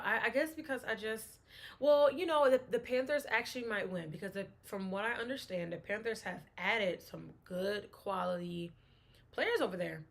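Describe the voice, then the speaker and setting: A woman's voice: fairly high pitch, fairly bright tone. A woman hosting a casual solo sports talk show, chatting and thinking aloud, often restarting her sentences.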